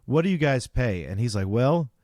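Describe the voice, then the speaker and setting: A man's voice: medium pitch, very animated, brisk, a little mellow, no room sound, studio quality. A man co-hosting a podcast, telling a long story in casual chat and acting out both sides of the conversation. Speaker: podcast co-host.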